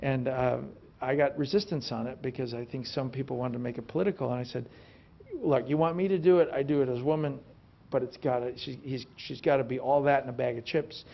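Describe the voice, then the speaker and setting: Gravelly-voiced man recounting stories. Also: medium pitch, a little fast, lo-fi sound. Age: late 50s. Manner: relaxed storytelling, frequent restarts and "you know". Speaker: film actor as interview guest. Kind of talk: onstage conversation. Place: film institute stage before an audience.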